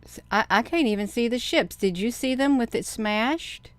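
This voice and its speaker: A middle-aged woman hosting a video, chatting casually to viewers, counting out loud and getting excited. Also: a little high, normal speed, no room sound. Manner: counts aloud, talks straight to viewers. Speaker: video host. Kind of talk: casual screen-share commentary.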